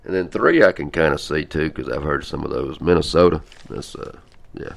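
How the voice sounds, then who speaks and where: A man hosting a podcast, chatting casually in a rambling, halting way with lots of fillers. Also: a bass voice, creaky. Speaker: podcast host. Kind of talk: casual chat.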